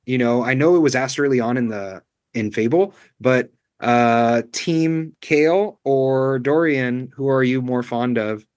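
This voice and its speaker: A man's voice: medium pitch, unhurried, darkish tone, clean tone, no echo, clean studio sound. A man co-hosting a casual book club discussion, chatty and full of "you know" and "um" as he thinks aloud.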